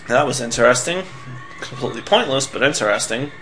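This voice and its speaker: A man's voice: mid-range voice, measured pace, long pauses, a bit bright, faint music behind. A young man giving sarcastic, swearing commentary while playing a video game. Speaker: let's player.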